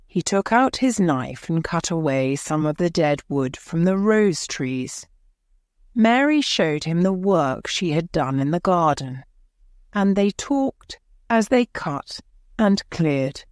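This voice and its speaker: A woman reads a storybook aloud for learners in a low, unhurried voice, each word set out carefully. The sound is close and completely dry. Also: lively intonation, darkish tone, no echo. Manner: slow, clear, deliberate for learners. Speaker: narrator. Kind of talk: graded-reader story narration.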